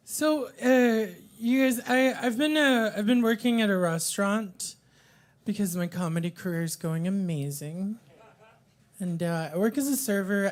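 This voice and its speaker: A woman doing open mic stand-up in a coffee shop, hesitant with many fillers. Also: mid-range voice. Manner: hesitant, filler-heavy storytelling. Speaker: stand-up comedian.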